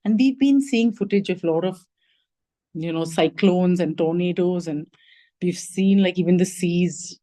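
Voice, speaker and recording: A woman's voice: lowish voice, a little slow, mellow, poor audio. Chatty woman preaching over a video call. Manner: chatty, thinking aloud with many "like" and "you know"; asks the listeners reflective questions. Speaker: lay preacher giving the message. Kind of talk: conversational sermon.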